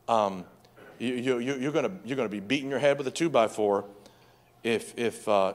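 Pastor preaching with call-and-response. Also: male voice, mid-range voice. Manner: repeats words, urges the congregation to respond. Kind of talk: sermon. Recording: faint music behind.

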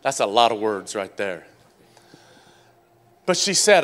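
A man preaching a sermon to his congregation, swinging from loud, animated calls to quiet, hushed pleading. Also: lowish voice, slow pace, pauses often. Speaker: pastor.

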